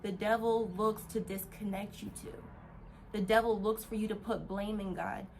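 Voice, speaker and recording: Woman, vlogger, casual rant, animated, laughs a lot, cusses, rambling restarts, mid-range voice. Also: mid-range voice, moderate pace, a little hiss or hum. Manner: animated, laughs often, swears freely.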